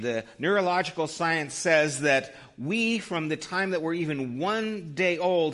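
Pastor, male, 50s; bright, slightly raised voice; chatty storytelling sermon, tosses in "right?" often. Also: fairly high pitch. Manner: conversational storytelling, frequent rhetorical "right?".

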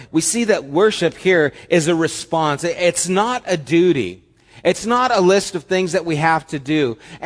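A male pastor preaching a sermon, animated, swinging between loud emphasis and soft, hushed lines. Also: fairly high pitch, in a large hall.

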